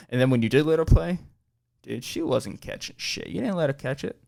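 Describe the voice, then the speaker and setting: A man's voice: medium pitch, animated, fast, creaky, darkish tone. A man in his twenties hosting a podcast, telling loose, profane childhood stories in a laid-back way, peppered with man and dude. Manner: rambling, profane storytelling. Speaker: podcast host. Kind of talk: casual chat.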